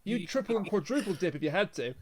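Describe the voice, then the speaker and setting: A man with a notably high voice co-hosting a casual podcast. He drops dry, wisecracking remarks into the chat. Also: big pitch swings, quick pace. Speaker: podcast co-host.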